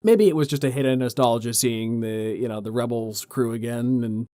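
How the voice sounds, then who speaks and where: A man's voice: medium pitch, normal speed, warm tone, dry recording, studio quality. A man co-hosting a podcast in casual chat, agreeable and enthusiastic. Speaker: podcast co-host.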